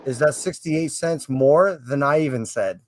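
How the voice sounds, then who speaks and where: A man's voice: a little high, unhurried. Persistent man lecturing in casual chat. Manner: persistent, lecturing, explains his point at length.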